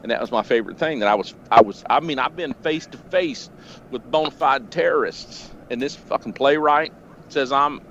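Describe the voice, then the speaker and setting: A man spinning a rambling, profane story over a remote call. His voice is mid-pitched and plain, a little muffled and lo-fi, with a faint hiss underneath. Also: normal speed. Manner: profane, rambling, animated retelling. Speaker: podcast storyteller. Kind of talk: casual storytelling. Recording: lo-fi with faint noise.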